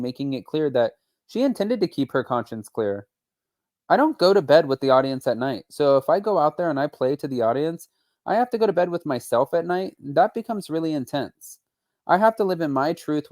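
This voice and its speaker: A man hosting a casual gossip show, talking straight to his viewers in a chatty way. His voice sits at an ordinary middle pitch. He reads quotes aloud with lively, animated emphasis, and the recording is dry and close, with no room sound. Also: no echo. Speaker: host. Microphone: not on camera, voice-over.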